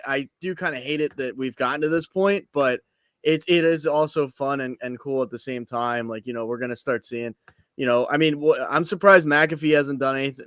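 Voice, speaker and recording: A hesitant man co-hosting a sports podcast, thinking aloud with plenty of fillers. His voice is smooth and clear, recorded close and dry, at an average pitch for a man. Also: a bit bright, no room sound. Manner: hesitant, many fillers and restarts, thoughtful. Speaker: podcast co-host. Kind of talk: casual sports chat.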